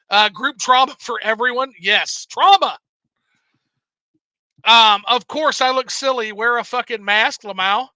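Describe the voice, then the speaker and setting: Bright high-voiced man hosting a livestream. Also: no room sound, low-quality recording. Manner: animated, swears freely, laughs often. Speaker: livestream host reading chat. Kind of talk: casual livestream chat.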